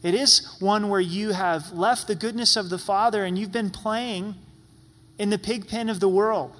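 A man's voice: high-pitched, steady tone, moderate pace, fairly bright tone, big-room sound. A man preaching a sermon as pastor in a church sanctuary, talking in an earnest, pleading, conversational way.

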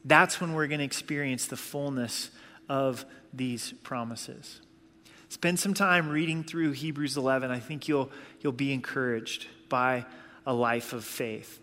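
A man's voice: medium pitch, fairly even intonation, unhurried, sharp tone. A man preaching a sermon as a pastor, earnest and conversational, driving points home with repetition. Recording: long hall reverb.

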